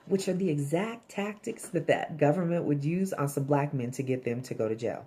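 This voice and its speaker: A woman with a low, mellow voice walks through a TV episode in casual recap mode. She talks bluntly, swears freely and slips into the characters' lines as she goes. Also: normal speed. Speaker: TV episode reviewer.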